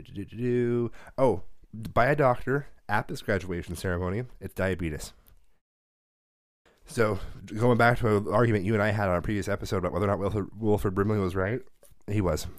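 A man's voice: deep voice, dry recording, clean studio sound. A man co-hosting a podcast in casual chat, ranting and swearing freely as he tells a story. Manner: profane, ranting. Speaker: podcast co-host.

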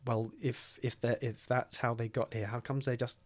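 A man's voice: mid-range voice, little pitch movement, moderate pace. A man co-hosting a film review podcast in casual chat, teasing and rambling with many fillers.

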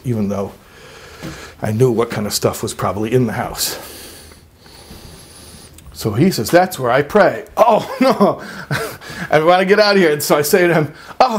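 A man telling a personal story in a sermon, animated and emphatic, sometimes dropping low and quiet for serious points. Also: husky. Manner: animated, jumps to high emphatic peaks. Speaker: religious speaker.

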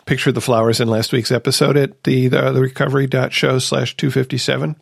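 A man's voice: medium pitch, little pitch movement, fast talker, gravelly, slightly rough, no room sound. A man with a mid-range voice hosts a recovery podcast in casual conversation. He tells personal stories earnestly and asks himself rhetorical questions. The close, dry mic leaves no sense of a room. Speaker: podcast host.

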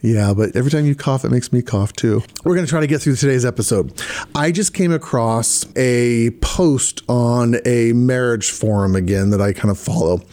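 A man co-hosting a marriage podcast with his wife, sick with covid and coughing, chatting in a relaxed, playful way. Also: mid-range voice, moderate pace. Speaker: podcast co-host. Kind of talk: casual chat.

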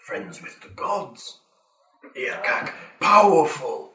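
A man's voice: fairly high pitch, very animated, takes it slowly, noisy background. A man voicing a terse captive troglodyte. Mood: sullen. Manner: terse, broken grammar. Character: male troglodyte captive, sullen, broken speech. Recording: roomy, mic far from table.

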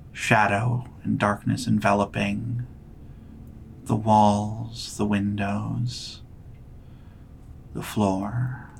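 A man runs a tabletop game, describing each scene in a slow, measured way. His voice sits low and gravelly with very little rise and fall. He takes his time over every line. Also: darkish tone, a little hiss or hum, poor audio. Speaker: game master.

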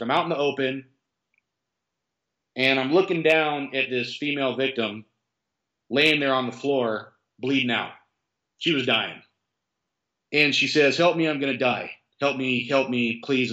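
Officer, male, recounting a crisis in an interview; intense, halting repeats, muffled lo-fi audio. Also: medium pitch, sharp tone. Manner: intense, repetitive restarts, vivid first-person retelling. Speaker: police officer recounting a shooting response. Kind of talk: interview storytelling.

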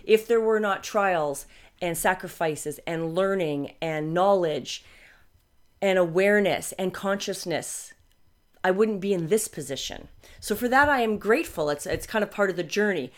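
A woman's voice: on the low side, normal speed. A woman in her fifties talking candidly in a personal podcast monologue, reflective and often correcting herself as she goes. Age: 50s. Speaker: podcaster and coach.

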